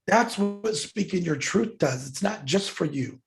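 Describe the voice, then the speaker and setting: A man's voice: high-pitched, lively intonation, a little slow, creaky. A middle-aged man, a podcast guest, telling a personal story in an earnest, heartfelt way, getting emotional as he speaks.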